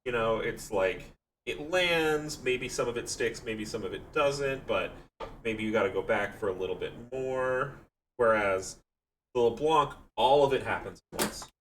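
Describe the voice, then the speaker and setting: A man's voice: medium pitch, measured pace, fairly bright tone, a little hiss or hum. A man casting a live esports match, calling the plays and then chatting casually and wearily with his co-caster. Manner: tired, casual, yawning. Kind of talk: live esports play-by-play and chat.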